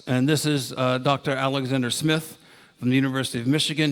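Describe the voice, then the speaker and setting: A man in his sixties from Ohio giving a conference talk in a ballroom, telling enthusiastic anecdotes with many fillers. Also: mid-range voice. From Ohio, United States. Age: 60s. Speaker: conference speaker.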